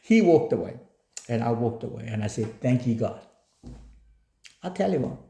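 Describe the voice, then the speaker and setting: A man telling a lively motivational story about not giving up, switching between English and another language and acting out what others said. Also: on the high side, moderate pace, echoey room. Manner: animated, switches between English and Samoan, acts out quotes.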